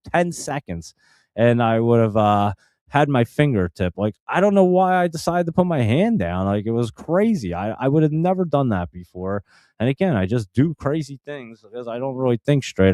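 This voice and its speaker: A man's voice: medium pitch, warm tone, no echo, clean studio sound. Rambling man telling a story. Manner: rambling, full of "like" and restarts. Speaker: stock channel host. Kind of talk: casual storytelling.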